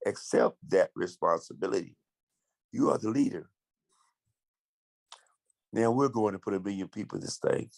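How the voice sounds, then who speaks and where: A man's voice: fairly low pitch, normal speed, creaky, long pauses, a little mellow, no echo. A man giving an emphatic, rallying motivational speech. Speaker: motivational speaker.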